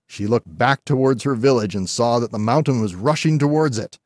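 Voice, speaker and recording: A man reading a folk tale aloud as scripted narration, calm and measured. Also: mid-range voice, no echo, clean studio sound. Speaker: storyteller.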